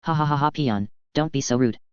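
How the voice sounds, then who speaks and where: A casually confident, overpowered young man, as a man reads him in a dull, dry audiobook voice. The tone is clear and smooth, and he takes everything lightly. The reading stays even and unhurried. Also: on the high side, dry recording, lightly acted. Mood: offhand.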